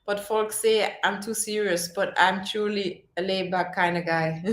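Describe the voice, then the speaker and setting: A woman's voice: mid-range voice, slow pace. A woman hosting a casual livestream chat, reading viewer comments aloud and laughing often. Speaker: livestream host. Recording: echoey room.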